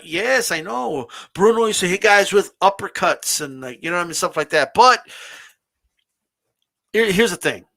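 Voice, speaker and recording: Man, high voice, bright and sharp, animated casual rant, stumbling restarts. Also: normal speed, gravelly. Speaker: streamer hosting a live wrestling talk. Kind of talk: casual ranting commentary.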